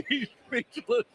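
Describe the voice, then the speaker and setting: A man calling a baseball broadcast, teasing and laughing between calls. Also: extremely high pitch. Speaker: sports broadcaster. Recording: broadcast clip with ballpark noise.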